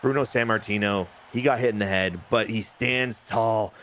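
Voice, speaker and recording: Man hyping up a wrestling game. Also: on the low side. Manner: animated, jokey storytelling with quick asides. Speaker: game commentator. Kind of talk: hyped wrestling-game play-by-play.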